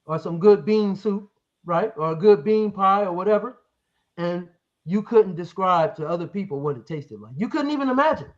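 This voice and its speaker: A man's voice: high-pitched, animated, moderate pace, lo-fi sound. A man debating over a live stream, pressing his point with leading questions and reading verses aloud.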